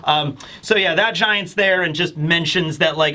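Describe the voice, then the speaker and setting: A man talks through a manga chapter in a casual, rambling review. His voice sits high and bright, and he sounds excited, tumbling through fillers and restarts. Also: a little slow.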